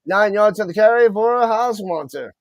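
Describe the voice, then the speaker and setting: A man's voice: high voice, normal speed, no room sound. A man streaming live play-by-play of a football game, talking to his chat and tripping over unfamiliar player names. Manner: excited commentary, chats with viewers, stumbles over names.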